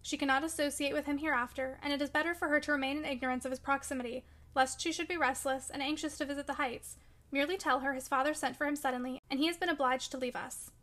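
A woman reading a calm, firm gentleman. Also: sits high. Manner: calm, measured, decisive.

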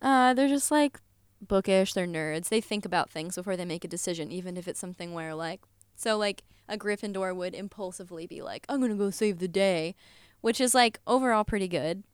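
A woman's voice: medium pitch, a little fast, hardly any pauses, clean tone, dry recording, studio quality. A young woman chatting as a podcast guest, casual and chatty, full of "like" fillers, swearing and laughing easily. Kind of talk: casual chat.

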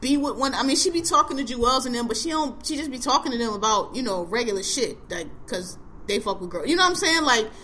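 A woman with a bright, forceful voice that sits a little high hosts a casual podcast chat. She talks bluntly and profanely in colloquial slang and laughs often. A faint hiss of noise runs underneath. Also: animated, fast talker, hardly any pauses. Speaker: podcast host. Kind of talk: casual chat reviewing a TV show.

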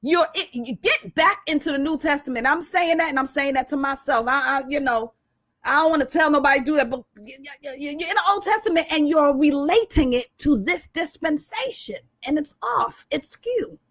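High-voiced woman preaching with call-and-response. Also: expressive, normal speed, a bit bright. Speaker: co-host. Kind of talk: preaching-style talk.

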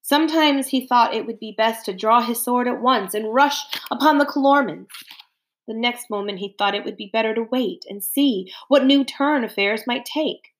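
A woman narrating a storybook aloud in an expressive, dramatic way. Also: a little high, normal speed, rough recording.

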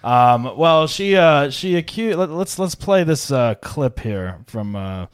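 A man's voice: fairly high pitch, lively intonation, slow pace, smooth. A man hosting a casual podcast, hesitant and full of fillers and restarts. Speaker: podcast host.

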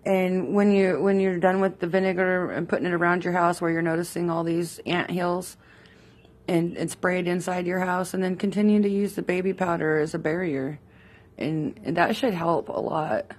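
A woman's voice: on the low side, steady tone, moderate pace, darkish tone. A woman leaving a friendly, chatty voice message. She repeats herself and giggles as she talks. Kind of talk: casual voice message.

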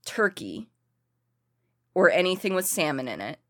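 A woman's voice: fairly low pitch, very animated, a little slow, dry recording, clean studio sound. A woman in casual podcast chat, blunt and chatty, swearing casually.

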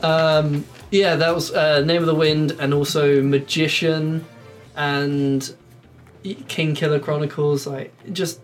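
A man's voice: fairly high pitch, level tone, slow pace, faint music behind. A man from England chatting casually on a podcast, rambling and laughing often. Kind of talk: casual chat. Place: shed studio.

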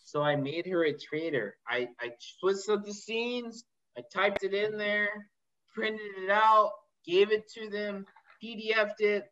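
A man's voice: high voice, unhurried, lo-fi sound. A man casually telling a story about directing a film, acting out what people said. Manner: animated storyteller, acts out quotes. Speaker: indie filmmaker telling a story. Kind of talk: casual podcast chat.

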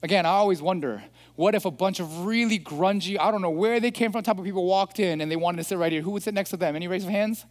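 High-voiced pastor preaching in echoing hall. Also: male voice, fast talker. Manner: animated, asks the congregation rhetorical questions. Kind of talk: sermon. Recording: long hall reverb.

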